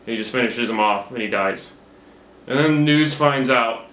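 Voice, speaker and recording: A young man recaps a movie in a casual, rambling way, cursing and making fun of himself. His medium-pitched voice is fairly bright and moves at normal speed, captured by a camera mic in a roomy, echoing room.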